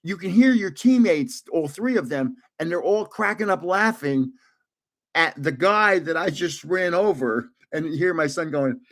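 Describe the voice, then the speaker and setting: A man's voice: on the high side, measured pace. A man in his seventies casually telling gaming stories on a livestream, laughing often as he goes. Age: 70s. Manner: animated, laughs often, restarts. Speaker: livestream host. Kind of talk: casual storytelling.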